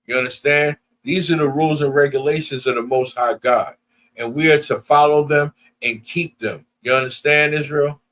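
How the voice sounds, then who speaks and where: A man's voice: a little high, steady tone, normal speed, a bit bright. A man preaching at a Sabbath service, often breaking in with "you understand?" and calling out to the congregation. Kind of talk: sermon and closing announcements.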